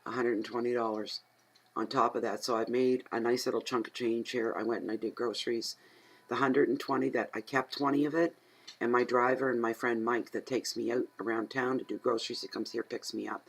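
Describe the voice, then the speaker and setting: A middle-aged woman from Atlantic Canada, a tarot reader who rambles and chats casually at home, talking aloud to herself and getting easily excited. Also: extremely low pitch, brisk, breathy edge, poor audio. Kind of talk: casual chatty tarot reading.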